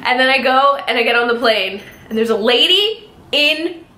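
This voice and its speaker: A woman's voice: high-pitched, expressive, moderate pace, bright, forceful tone. A young woman from Canada telling a casual storytime vlog, chatty and full of "like" fillers. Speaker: beauty vlogger. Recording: echoey room.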